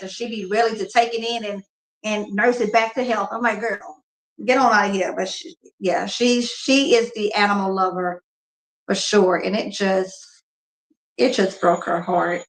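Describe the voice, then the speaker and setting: A woman in her forties talking candidly and emotionally to her viewers while grieving, her voice subdued. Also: medium pitch. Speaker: couponing vlogger. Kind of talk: casual live chat with viewers. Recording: echoey room.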